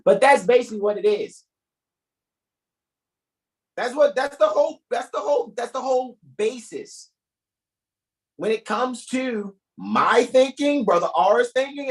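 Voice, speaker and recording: A man's voice: high-pitched, animated, moderate pace, low-quality recording. A man hosting an online study group over a video call, lecturing in a profane, emphatic, joking way. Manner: profane, emphatic, preachy with jokes.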